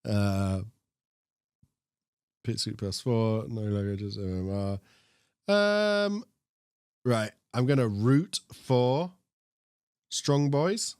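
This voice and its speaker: A man's voice: on the low side, very slow, long pauses, darkish tone, clear, resonant tone, dry recording, studio quality. Joking young British man with a posh accent. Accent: posh British English. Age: young adult. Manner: joking, rambling, prone to tangents. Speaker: co-host. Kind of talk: casual esports chat.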